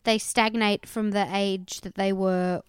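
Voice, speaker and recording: A young woman trading blunt opinions on a chatty podcast. Her voice is smooth and clean, recorded close and dry with no room sound. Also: mid-range voice, level tone, measured pace, dry recording. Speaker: podcast co-host. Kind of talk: casual recap chat.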